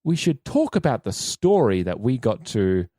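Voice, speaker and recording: A woman in her thirties hosting a podcast, chatting casually with jokey deadpan asides. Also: a bass voice, moderate pace, no echo, clean studio sound. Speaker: podcast host. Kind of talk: casual chat.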